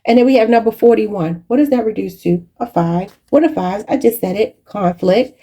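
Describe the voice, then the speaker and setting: Woman, tarot reader, choked up, emotional, husky, mellow. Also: medium pitch, normal speed. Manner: emotional, preachy, addresses viewers as y'all. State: choked up, near tears. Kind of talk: channeled tarot reading.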